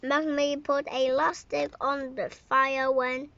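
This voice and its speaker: A woman reading a picture book aloud slowly at bedtime, sometimes slipping and correcting herself. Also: sits high, little pitch movement, fairly bright tone. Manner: slow, unhurried reading with occasional slips and corrections. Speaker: storyteller. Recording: dull lo-fi home recording.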